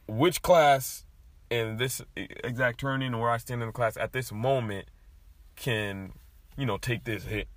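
Bright-voiced young man telling a story. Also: mid-range voice, a little slow, dry recording. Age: young adult. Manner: profane, animated storytelling with big laughs. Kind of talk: casual chat, storytelling.

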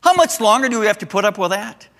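An older man, a pastor, preaching a sermon and telling a story with animated, acted-out voices. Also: high-pitched, fast, in a large hall.

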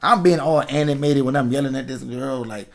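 A man's voice: mid-range voice, brisk, vocal fry. A man in his thirties from Washington, D.C., a podcast host, tells a story in casual chat, swearing freely, laughing, and acting out the people in it. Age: 30s. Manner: profane, laughing, animated storyteller.

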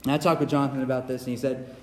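Earnest young preacher in an echoey hall. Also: male voice, medium pitch, flat delivery, racing, slight background noise. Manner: earnest, repetitive, stumbles and restarts. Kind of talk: sermon. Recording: echoey hall, faint ambience.

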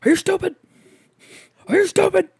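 A man voicing his short-tempered father, shouting insults at his son in a high, strained yell. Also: fairly even intonation, fairly quick, vocal fry, full character voice. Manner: screaming insults, explosive. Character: furious shouting middle-aged dad, short-tempered.

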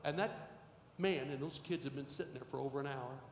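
A middle-aged male pastor preaching a sermon, moving from quiet storytelling to shouted exhortation. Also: mid-range voice, fairly quick. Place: church sanctuary. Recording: echoey hall with faint noise.

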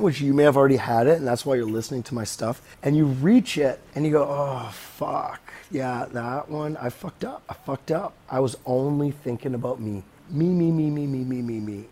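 A man's voice: a little high, warm tone, husky. A man hosting a podcast, talking in a rambling, profane and blunt casual monologue. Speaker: podcast host.

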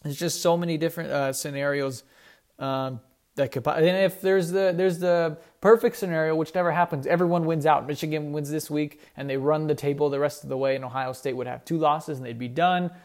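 A man's voice: fairly high pitch, fairly even intonation, fairly quick. A young man hosting a casual sports show, rambling and correcting himself as he talks enthusiastically about college teams. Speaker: sports podcast host.

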